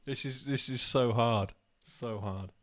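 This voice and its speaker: A man's voice: medium pitch, a little slow, crowd noise. A man co-hosting a casual live stream, laughing often and coaxing his partner along.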